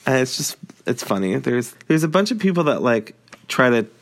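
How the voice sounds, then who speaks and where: A man's voice: mid-range voice, very animated, moderate pace. A man talking casually about a book he is reading, rambling with lots of fillers and short laughs. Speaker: book reviewer.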